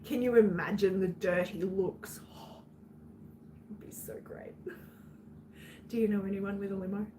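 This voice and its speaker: A woman's voice: medium pitch, steady tone, a little slow, pauses often, mellow, slight background noise. An Australian woman chatting casually on her livestream, venting bluntly to her viewers and swearing freely.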